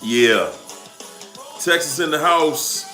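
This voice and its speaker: Music plays in the background of a roomy, echoing recording as a man with a Washington DC accent hosts a casual livestream. His slightly high, sharp voice takes its time with lively intonation, greeting viewers by where they tune in from and drawing out the hype.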